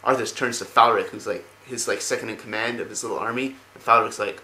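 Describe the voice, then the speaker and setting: A man's voice: fairly low pitch, steady tone, quick pace, bright, forceful tone, slight background noise, low-quality recording. A man casually retelling video game lore, rambling with many fillers.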